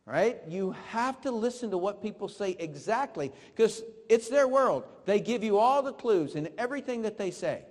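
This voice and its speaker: High-voiced man coaching a hall crowd. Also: lively intonation, moderate pace, few pauses. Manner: coaching, drilling the audience with questions. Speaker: network marketing trainer. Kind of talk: live training seminar. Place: large room with an audience. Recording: long reverb of a hall.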